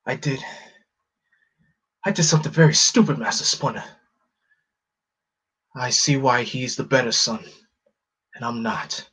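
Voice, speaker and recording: A man voicing a gruff, hot-headed teenage male turtle ninja with a put-on Brooklyn accent and a rough street-tough voice. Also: high voice, wildly swooping pitch, drawn-out words, voice pushed up, heavily acted. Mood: remorseful. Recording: slightly muffled lo-fi audio.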